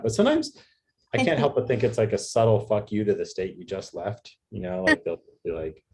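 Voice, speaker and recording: Man, stand-up comic, video call, rambling, filler-heavy, low mellow voice. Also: sing-song, a little hiss or hum. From New York. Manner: rambling, halting, lots of fillers and restarts. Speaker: stand-up comedian.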